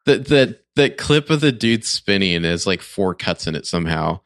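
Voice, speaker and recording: A man's voice: sits low, expressive, moderate pace, no echo, studio quality. A man co-hosting a podcast, casually picking apart a TV show in a sarcastic, rambling way with lots of filler words. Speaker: podcast co-host. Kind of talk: casual chat reviewing a TV show.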